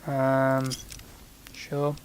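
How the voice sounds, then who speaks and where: A man's voice: medium pitch, monotone, drawn-out words, a little hiss or hum. A man giving rambling, sarcastic commentary while he plays a video game. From Britain. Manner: rambling, sarcastic, mutters to himself. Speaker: gameplay commentator.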